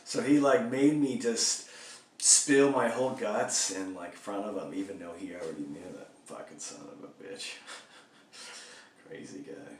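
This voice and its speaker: Actor doing a young man telling his prank story, low voice, swears and laughs, roomy echo, mic at a distance. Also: a little slow, a little hiss or hum. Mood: sheepish. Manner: rambling, laughing, heavy swearing and fillers. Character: young man, rambling, sheepish, foul-mouthed prankster. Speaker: actor performing a monologue. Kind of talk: comic storytelling monologue.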